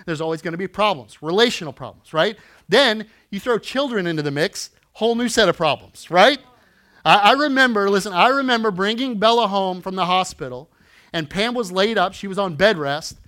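High-voiced man in his forties preaching. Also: expressive, a little fast. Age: 40s. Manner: conversational, often adds "right?"; swings from quiet asides to loud emphatic lines. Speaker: pastor. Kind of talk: sermon.

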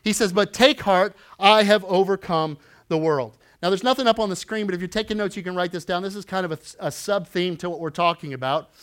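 A pastor in his forties preaching a conversational sermon, dropping to quiet asides and rising to loud emphatic lines, often adding "right?". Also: high voice, fairly quick. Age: 40s.

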